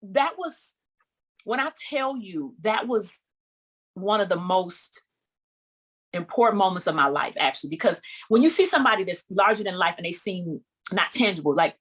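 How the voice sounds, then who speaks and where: An expressive woman speaking as a podcast guest, a singer telling a story in easy, casual talk. Her voice sits at a middling pitch and swings up often as she gets caught up in the telling. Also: normal speed, breathy edge.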